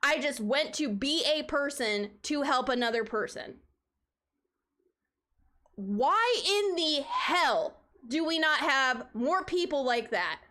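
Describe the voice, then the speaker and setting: A woman's voice: high-pitched, lively intonation, takes it slowly, bright, forceful tone. A woman streamer telling a story in a heated, profane, emphatic way. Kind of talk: casual storytelling rant.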